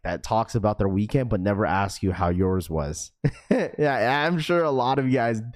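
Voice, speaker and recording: Young man, livestream host, energetic, slangy, talkative, casual chat. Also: on the low side. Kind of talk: casual live chat with viewers.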